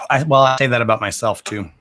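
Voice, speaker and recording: A man hosting a live psychic reading stream, answering viewers slowly and deliberately and often calling them "darling". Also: mid-range voice, pushed and bright, no room sound. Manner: slow and deliberate, calls viewers "darling", says "okay" again and again.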